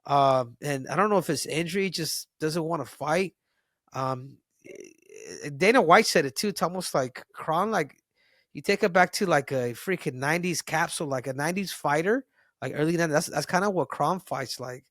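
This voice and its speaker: A man co-hosting a fight podcast in casual chat, excitable and prone to restarting his phrases. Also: on the high side, normal speed, no echo, studio quality. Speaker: podcast co-host, fight analyst.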